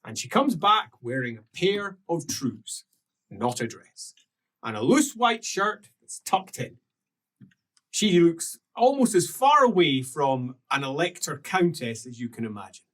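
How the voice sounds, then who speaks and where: A game master sets the scene for a tabletop session in a slow, husky voice. The pitch moves freely, and the voice sounds a bit distant from the mic. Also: sing-song, fairly bright tone. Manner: unhurried scene-setting narration. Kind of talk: narrating an improvised tabletop game.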